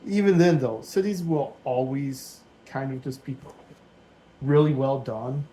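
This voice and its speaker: A man in his forties chats while he works through a toy build, thinking out loud in a loose, wandering way. His voice sits at an ordinary middle pitch, and he sounds unhurried and at ease. It feels like hobby commentary recorded in a dim room at home. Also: slight background noise, low-quality recording. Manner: rambling, thinking aloud, easygoing. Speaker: Lego building vlogger.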